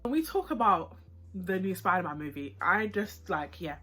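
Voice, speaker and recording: Speaking at a normal pace with a fairly low pitch, this young UK vlogger eats on camera while reviewing food and a film. She keeps it chatty, slangy and excitable throughout the casual mukbang.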